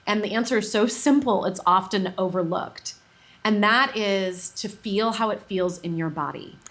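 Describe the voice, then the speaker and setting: A woman coach explains her ideas at length and patiently, in a mid-pitched voice. She sounds warm and unhurried, and her voice drops soft and low when she voices gentle advice. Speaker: coach, guest. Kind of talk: explanatory interview answer.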